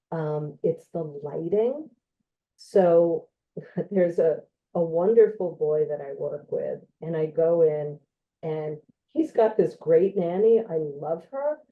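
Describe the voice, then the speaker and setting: A woman occupational therapist giving an informal educational talk in a gentle, conversational way, with frequent ums and you-knows. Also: sits low. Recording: tinny phone-like online audio.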